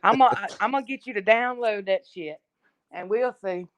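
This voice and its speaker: A woman's voice: medium pitch, moderate pace. A woman from Texas joining a stream as a guest, chatting casually and teasing the host. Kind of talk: casual chat.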